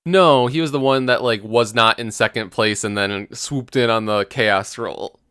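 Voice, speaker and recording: A man's voice: mid-range voice, unhurried, bright, forceful tone, clean tone, dry recording, clean studio sound. A man co-hosting a podcast, rambling through casual gaming chat with lots of "like" as filler. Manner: rambling, heavy use of "like". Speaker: podcast co-host.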